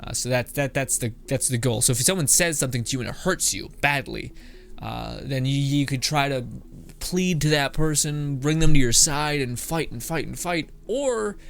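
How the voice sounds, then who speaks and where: A man's voice: medium pitch, normal speed, vocal fry. A man reacting to internet memes in casual commentary, laughing often, swearing, and rambling off into asides. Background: background music.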